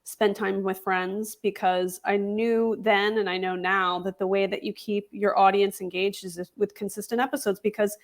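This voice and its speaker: A woman's voice: medium pitch, little pitch movement, normal speed, few pauses. A woman guest in an interview, articulate and assured, explaining her views at length. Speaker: podcast host guest. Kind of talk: interview answers.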